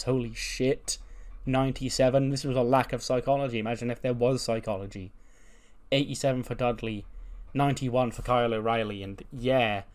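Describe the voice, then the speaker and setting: A man narrating his game playthrough in a casual, animated way. His voice sits at a middling pitch, and he swears freely as he spins the story. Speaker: video game let's play narrator.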